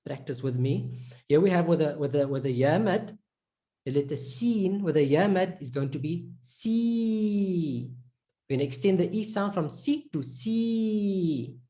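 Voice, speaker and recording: A woman's voice: fairly low pitch, animated, measured pace, dark tone. A woman teaching Arabic letter sounds in a step-by-step lesson. She drills each syllable patiently and repeats it, and she praises the learner's progress. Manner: encouraging, praises with "perfect" and "excellent".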